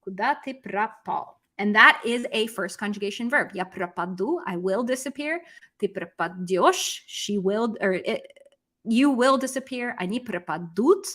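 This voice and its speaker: A woman teaching Russian on a live stream, explaining lyrics and grammar lively, with asides and examples, slowing down to pronounce Russian words. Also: mid-range voice. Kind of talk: live-stream language lesson.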